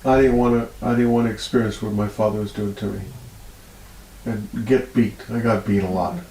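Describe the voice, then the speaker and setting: A man's voice: normal speed, reverberant, slight background noise, poor audio. A man being interviewed as a healer, telling stories with much feeling and laughing often. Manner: animated storyteller, laughs often, voice rises high when moved. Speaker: healer guest. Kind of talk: storytelling interview.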